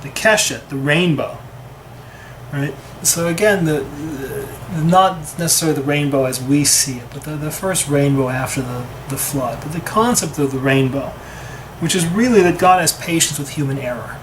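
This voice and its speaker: A man's voice: on the high side, moderate pace, a little hiss or hum, low-quality recording. Man teaching a casual Torah class. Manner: conversational, frequent "right?" checks, acts out quotes.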